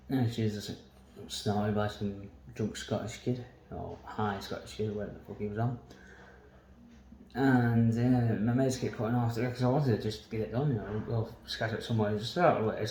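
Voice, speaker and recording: A vlogger tells a long personal story in a waffling, casual monologue, swearing often and laughing between lines. His voice is lowish and a little mellow. The audio is poor, with roomy sound and a bit of hiss or hum.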